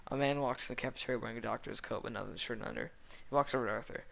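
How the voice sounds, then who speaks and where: A man reading a comedic fanfiction aloud in a deadpan way, stumbling and correcting himself. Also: mid-range voice, racing, gravelly. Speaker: fanfiction reader.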